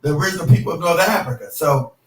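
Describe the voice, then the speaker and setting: A man's voice: a little high, fast, a little hiss or hum. A man in casual, profane chat who tells stories and laughs as he goes. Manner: loose, profane, laughing storyteller. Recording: roomy echo, distant mic.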